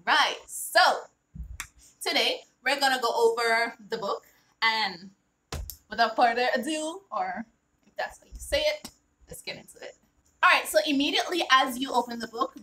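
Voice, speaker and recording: A woman's slightly high voice comes across pushed and bright, with slight background noise in a rough recording. She's an author on a casual vlog, reading her own children's book line by line, explaining each earnestly and frequently asking "all right?".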